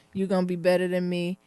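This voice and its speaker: A woman co-hosting a podcast, reading listener reviews and bantering in a lively, playful way, swearing casually. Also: fairly low pitch, clean tone, no echo. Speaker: podcast co-host.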